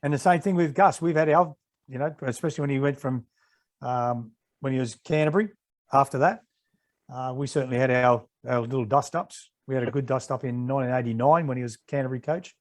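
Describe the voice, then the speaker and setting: A man's voice: mid-range voice, a little fast. An Australian man in his sixties, a former referee, telling stories in an interview and acting out the exchanges he recalls. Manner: animated anecdotes, acting out quoted exchanges. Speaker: retired rugby league referee, podcast guest. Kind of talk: casual storytelling interview.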